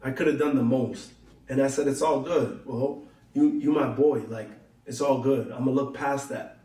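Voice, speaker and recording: A young man tells a long personal story in loose, slangy talk, acting out what he and his friend said to each other. His voice is mellow and dark rather than bright. The recording sounds roomy, with him sitting a little back from the mic. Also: medium pitch, moderate pace, far from the mic. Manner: loose slangy storytelling, acts out both sides of conversations. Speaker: vlogger telling a story. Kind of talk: casual storytelling to camera.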